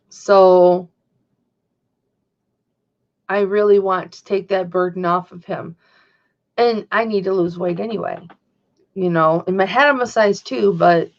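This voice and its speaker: A woman's voice: fairly low pitch, vocal fry, dull audio. A woman hosting a casual livestream, talking in a chatty, rambling way and answering viewers' chat. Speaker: livestream host. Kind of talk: casual chat to a live audience.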